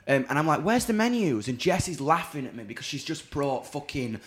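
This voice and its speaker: A man's voice: on the high side, animated, fairly quick. A young man with a British accent telling a funny anecdote in casual chat. He swears freely and acts out the other people's lines as he goes. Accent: British English.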